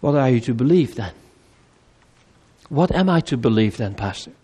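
A male pastor delivering a sermon, swinging between raised, urgent appeals and low, quiet pleading, with measured pauses and repeated phrases. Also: expressive, breathy edge. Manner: preaching with wide swings between loud high appeals and low quiet pleas.

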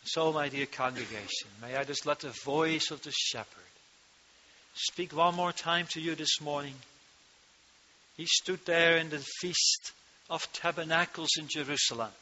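A man preaching a sermon into a microphone to his congregation, slow and emphatic, rising to loud cries on key words, speaking with a turn of phrase. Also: fairly high pitch. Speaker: pastor. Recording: dull lo-fi sound.

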